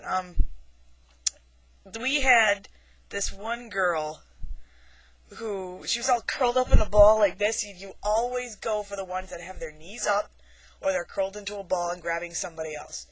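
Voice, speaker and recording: A haunted hayride scare actor recounts the night in a casual vlog monologue. The delivery is animated and sarcastic, with quoted lines acted out. The voice is bright and of middle pitch. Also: poor audio. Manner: animated storyteller acting out quotes.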